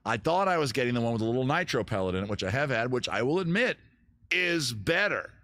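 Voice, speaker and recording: A man's voice: mid-range voice, sing-song, quick pace, a bit bright. A middle-aged man hosting a casual livestream, joking and rambling in a self-mocking way. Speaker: host of a livestream music and beer show. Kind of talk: casual livestream chat and singing with guitar.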